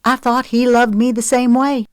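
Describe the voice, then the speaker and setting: A woman's voice: a little high, level tone, normal speed, clean tone, dry recording, studio quality, pitched above the performer's own voice, lightly acted. Woman voicing a prickly divorced mother. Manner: sharp, defensive, exasperated.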